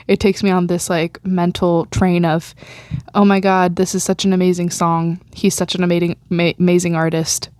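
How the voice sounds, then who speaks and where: Young woman host, low-ish voice, dry close mic, rambling casual chat with laughs, a little teary. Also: darkish tone, no room sound. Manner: chatty and rambling, laughs often, fillers like um and like. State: teary and emotional. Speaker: podcast host. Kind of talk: casual solo podcast rambling.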